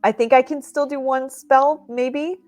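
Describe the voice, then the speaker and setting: A woman's voice: high-pitched, steady tone, unhurried, a little mellow. A woman player in a tabletop game, speaking in character, hesitant with many ums.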